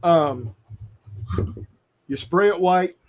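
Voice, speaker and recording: A man co-hosting a casual hobby chat, halting and dryly teasing, often restarting his sentences. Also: high voice, a little mellow. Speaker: co-host.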